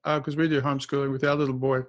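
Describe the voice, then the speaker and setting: A man's voice: mid-range voice, level tone, very fast. A man hosting a podcast, chatting casually with a guest in a playful, teasing way and laughing easily. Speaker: podcast host. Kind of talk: casual interview chat.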